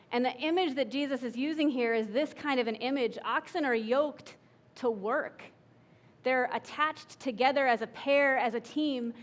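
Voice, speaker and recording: A high-pitched woman pastor delivers a sermon in a conversational style, frequently posing questions to the congregation.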